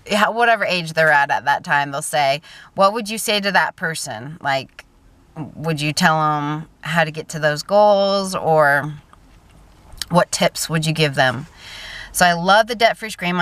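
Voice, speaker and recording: A woman in her thirties talks straight to her viewers in a casual vlog, chatty and openly emotional, often trailing off and starting her thought over. Her voice is bright and crisp, sitting a little low. The sound is close and dry. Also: dry recording. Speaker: vlogger.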